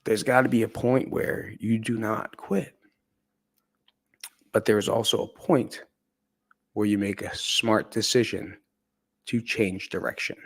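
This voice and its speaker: Low-voiced man telling a candid story. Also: fairly even intonation, measured pace, long pauses, fairly bright tone. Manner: candid, profane, conversational. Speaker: podcast speaker. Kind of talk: personal storytelling.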